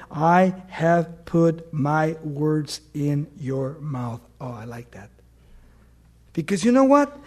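High-pitched emphatic male preacher. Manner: swings from loud emphatic bursts to soft hushed tones; storytelling with anecdotes, fillers and restarts. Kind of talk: sermon.

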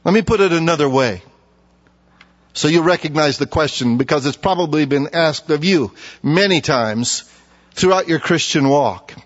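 A man preaching a sermon in a folksy, conversational way, slowing down for emphasis and acting out the voices of mockers. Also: a little high, expressive. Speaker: pastor. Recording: dull sound with long reverb.

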